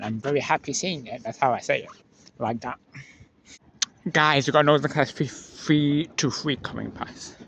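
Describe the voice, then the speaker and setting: Excitable man spotting trains. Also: a little high, slight background noise. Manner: chatty, swings from mumbled asides to excited squeals. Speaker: trainspotting vlogger. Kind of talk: excited live commentary. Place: outdoors beside a railway line.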